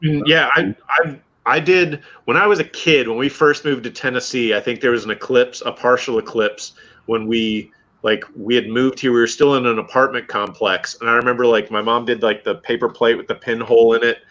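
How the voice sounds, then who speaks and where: A man's voice: mid-range voice, steady tone, a little fast, fairly bright tone, highs cut off. A man from Michigan in casual, rambling chat as co-host, swearing now and then.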